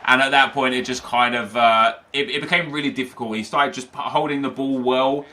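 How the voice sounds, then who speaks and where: A man's voice: mid-range voice, steady tone, a little fast, pushed and bright. A young man giving casual play-by-play commentary over his own football video game matches, chatty with frequent fillers. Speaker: gaming commentator.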